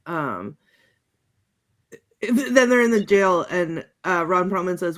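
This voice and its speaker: A woman's voice: lowish voice, a bit bright. Giggly woman rambling through movie quotes. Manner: giggly, halting with many fillers. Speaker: panelist. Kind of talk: casual chat, recounting movie quotes.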